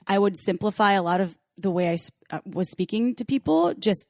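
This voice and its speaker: Fast-talking woman from Wisconsin, co-hosting. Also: mid-range voice, dry recording, studio quality. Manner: fast-talking, animated storyteller. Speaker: podcast co-host. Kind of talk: casual chat.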